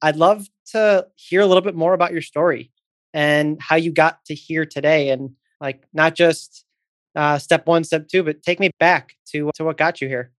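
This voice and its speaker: A man hosting a podcast, reading an introduction and then warmly welcoming his guest in a conversational way. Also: fairly high pitch, steady tone, moderate pace, dry recording. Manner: friendly, conversational. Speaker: podcast host. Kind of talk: scripted intro then casual interview.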